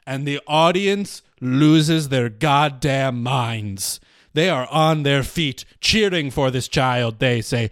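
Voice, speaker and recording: A man's voice: medium pitch, slow, no echo. A man hosting a solo comedy podcast, telling a story in a rambling, profane, mock-serious way on a close mic. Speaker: podcast host.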